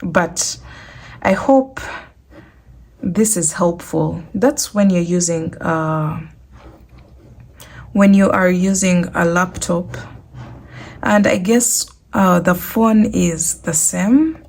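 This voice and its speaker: Woman host, low fry-tinged voice, chatty how-to walkthrough. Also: very slow, pauses often, a little mellow. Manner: chatty, repeats instructions. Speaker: crochet tutorial host. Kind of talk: casual screen tutorial.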